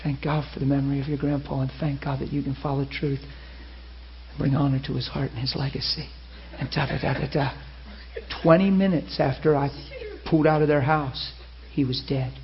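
Animated preacher man, muffled recording. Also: medium pitch, normal speed. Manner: animated, acts out quoted voices. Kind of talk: sermon storytelling.

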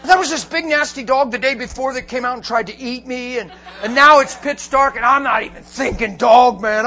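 High-voiced, animated man preaching. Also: normal speed, few pauses. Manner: animated, laughing, shouts for emphasis. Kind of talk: storytelling sermon.

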